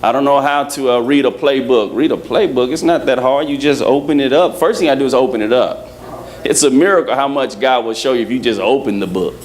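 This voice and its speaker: A man preaching a lively sermon to his congregation, joking and acting out little scenes as he goes. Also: medium pitch, brisk, a little hiss or hum. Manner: playful, acts out quotes, laughs with congregation. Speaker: pastor. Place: church service.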